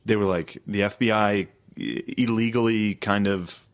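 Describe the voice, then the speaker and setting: A man with a lowish voice trading blunt, dry remarks on a podcast. He swears casually and sounds unbothered. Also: fairly even intonation, unhurried. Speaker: podcast co-host.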